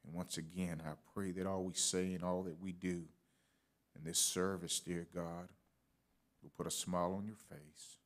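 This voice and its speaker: Deep, flat-voiced man praying. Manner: slow, measured, earnest prayer. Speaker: church member leading prayer. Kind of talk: spoken prayer. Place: church service.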